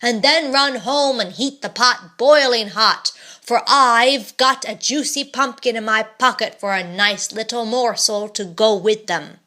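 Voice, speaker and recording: A woman's voice: fairly high pitch, measured pace, pushed and bright. A woman voicing a huge, menacing male giant in a storybook reading, roaring his commands.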